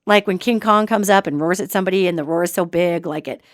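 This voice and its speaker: Animated woman telling a story on a podcast. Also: fairly low pitch, fast talker, dry recording, studio quality. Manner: animated, colloquial, with joking asides. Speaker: podcast host. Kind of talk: storytelling, casual talk.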